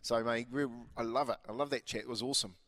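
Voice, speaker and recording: A man's voice: mid-range voice, steady tone, fast talker, fairly bright tone. A man co-hosting a casual sports chat, enthusiastic and a little rambling. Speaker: co-host.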